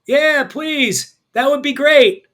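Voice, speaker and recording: A man playing a cheerful drunk stranger who slurs his drawn-out words. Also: extremely high pitch, lively intonation, bright, forceful tone, pitched above the performer's own voice, full character voice. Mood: tipsy cheerful. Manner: slurred, drawn-out.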